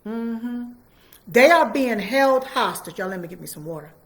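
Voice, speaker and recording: A woman's voice: on the high side, lively intonation, normal speed. A woman giving fiery, repetitive political commentary and talking straight to her viewers.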